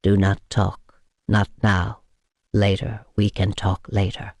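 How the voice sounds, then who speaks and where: A woman doing a hushed, deep-voiced male vampire. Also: flat delivery, no room sound, full character voice. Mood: firm. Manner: slow, low and hushed, patient. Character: calm ancient male vampire, quiet and commanding.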